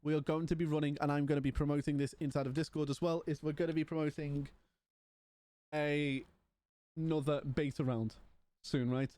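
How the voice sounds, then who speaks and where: A man's voice: fairly high pitch, fairly even intonation, a little fast, mellow. A man livestreaming from home, chatting casually and rambling while yawning and tired. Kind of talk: casual stream chat.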